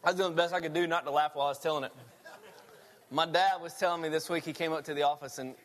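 High voiced guy preaching, chatty storytelling, lots of echo like a big church. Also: quick pace. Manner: animated storytelling, laughing. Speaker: pastor. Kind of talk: sermon.

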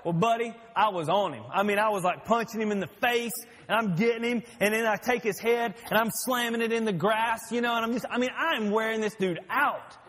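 A pastor delivering a sermon, a man who slips easily into folksy stories. His voice sits high and carries a husky edge. Each phrase trails off into the long reverb of a church hall. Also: a little fast, few pauses, a bit bright. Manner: folksy storytelling.

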